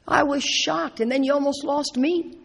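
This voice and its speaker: A middle-aged woman speaking at a recovery meeting, telling stories with playful, animated asides. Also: high voice, normal speed, gravelly. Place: large meeting hall. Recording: echoey hall with long reverb.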